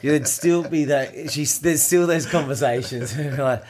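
A middle-aged man, co-hosting a casual chat and telling an animated story with frequent laughs. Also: on the high side, unhurried. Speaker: podcast co-host.

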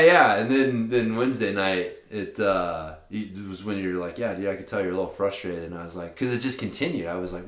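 A man's voice: sits low, echoey room. A man co-hosting a podcast in casual chat, rambling with restarts and swearing freely. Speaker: podcast co-host.

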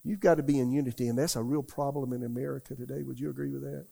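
A man's voice: medium pitch, fairly even intonation, very fast, gravelly, mellow, breathy edge. An older man preaching a folksy, rambling sermon in a church, often asking the congregation questions. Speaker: pastor. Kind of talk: conversational sermon.

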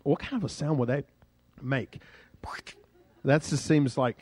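A male pastor preaching a sermon in a lively, conversational storytelling way. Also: medium pitch, measured pace, dry recording.

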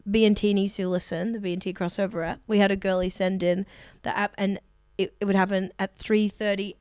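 A woman co-hosting a comedy podcast, telling stories in an animated, giggly way. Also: mid-range voice, a little fast, clear, resonant tone, no room sound, clean studio sound. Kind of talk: casual podcast chat.

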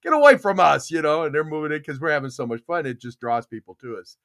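An older man, a podcast host, telling a casual story in an animated way and acting out the voices of the people in it. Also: on the high side, fast. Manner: animated, acts out quoted voices.

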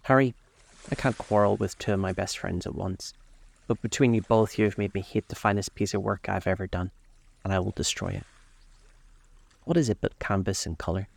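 A man voicing a devoted, wounded painter in a storybook reading, soft and earnest. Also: on the low side, fairly even intonation, fairly quick, creaky, no room sound. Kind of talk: audiobook character voice.

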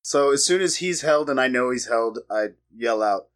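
A man playing a tabletop game, briskly declaring his character's spells and actions. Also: medium pitch, animated, a bit bright. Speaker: player.

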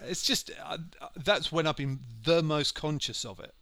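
A man co-hosting a podcast, talking in a halting, reflective way that often trails off. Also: a little high, pushed and bright, no echo. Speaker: podcast co-host. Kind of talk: casual chat.

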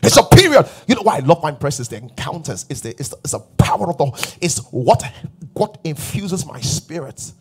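Husky, animated male preacher. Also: fairly high pitch, moderate pace. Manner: emphatic preaching with repeated refrains and sudden drops to a whisper. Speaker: pastor. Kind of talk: sermon.

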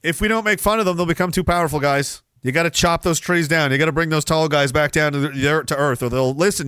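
A man's voice: on the high side, fast, hardly any pauses, fairly bright tone, clear, resonant tone, no echo, studio quality. A young adult man hosting a casual livestream, joking, laughing often and reading viewer messages aloud. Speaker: livestream show host.

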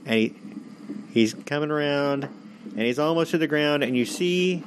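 A young adult man co-hosting a podcast, telling stories in a loose, profane, animated way. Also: on the high side, a little slow, slight background noise. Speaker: podcast co-host. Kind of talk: casual chat.

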